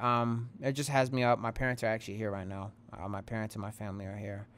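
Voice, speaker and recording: A man's voice: lowish voice, little pitch movement, fairly quick, a little hiss or hum. A young man who hosts a gaming channel, talking straight to his viewers in a rambling, shaken but earnest way as he vents. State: rattled. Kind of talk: casual direct-to-camera vent.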